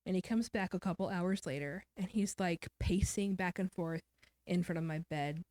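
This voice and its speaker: A woman's voice: lowish voice, moderate pace, darkish tone, no echo. A woman guest author telling a personal story in an interview, candid and somber, often quoting what others said.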